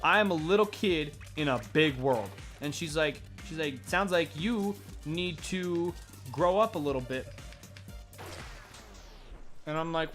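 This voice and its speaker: A young man with a bright, slightly high voice spins a rambling, profane made-up story while he plays. He acts out both sides of the dialogue in his own voice, and faint music plays behind him. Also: a little slow. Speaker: gameplay commentator. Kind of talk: rambling improvised game narration.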